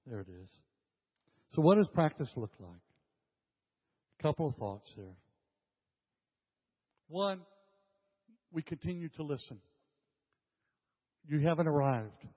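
Older pastor preaching in a reverberant hall. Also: male voice, mid-range voice. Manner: emphatic, repeats phrases, addresses the congregation directly. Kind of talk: sermon. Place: church hall with congregation. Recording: dull lo-fi sound with long hall reverb.

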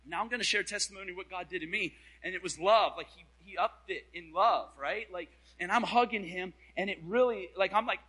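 An animated male preacher telling a story from the pulpit. His voice sits a little high and has a bright, tense edge. He talks in casual slang and swings between loud bursts and quiet asides. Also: a little fast, hardly any pauses, breathy edge, rough recording. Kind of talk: storytelling sermon.

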